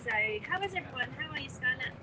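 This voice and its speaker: A woman's voice: high voice, fast talker. Chatty woman on a bus. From England. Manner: chatty, rambling, greets viewers by name. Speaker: vlogger livestreaming. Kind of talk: casual live chat with viewers. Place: on a bus in traffic. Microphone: phone held in hand. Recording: phone audio with vehicle noise. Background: bus engine and road noise.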